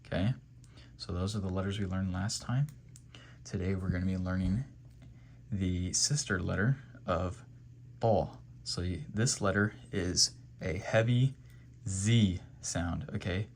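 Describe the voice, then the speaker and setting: There's a little hiss or hum behind this man's low-pitched, slightly slow voice. He walks through Quran reading step by step as a pronunciation lesson, patiently repeating letter sounds and asking "okay?" to check in.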